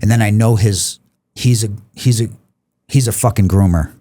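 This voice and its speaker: A man, a podcast guest, telling a long personal story in an animated, profane way, often repeating words. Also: lowish voice, moderate pace, dry recording. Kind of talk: casual storytelling.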